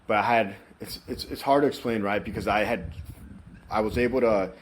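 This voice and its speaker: A man's voice: on the low side, steady tone, a little fast. A man telling his story as an interview guest, frank and rambling, swearing freely as he goes.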